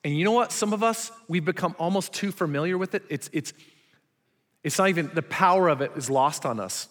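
Male pastor, fairly high voice, emphatic sermon delivery, long hall reverb. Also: brisk, a bit bright. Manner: emphatic preaching, rhetorical questions to the congregation.

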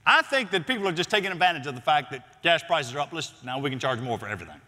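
A man preaching a sermon as a pastor, swinging between loud emphatic lines and near-whispered ones. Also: fairly high pitch, big pitch swings, fast talker, few pauses, long reverb tail.

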